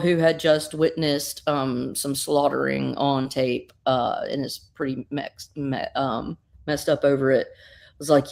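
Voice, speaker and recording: Low-voiced woman casually recapping a comic. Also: slow, creaky. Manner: animated storytelling, swears, many fillers. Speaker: guest reviewer.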